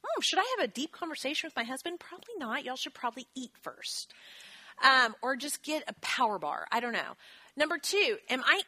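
A woman, teaching a church marriage class in a chatty, self-deprecating way with quick asides. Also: high-pitched, sing-song, pushed and bright. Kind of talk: teaching talk with scripture.

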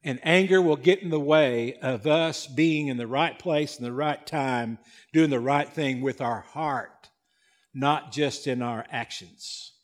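A male pastor delivering a sermon, swinging between loud emphasis and hushed, slow passages. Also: mid-range voice.

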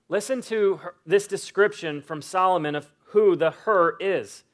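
A man preaching a sermon, earnest and emphatic, repeating phrases for weight and reading scripture slowly and dramatically. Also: sits high. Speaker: pastor.

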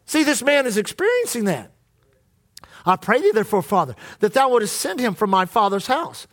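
A man's voice: high voice, very animated, a little fast. A male pastor preaching a sermon in church, leading the congregation in call-and-response.

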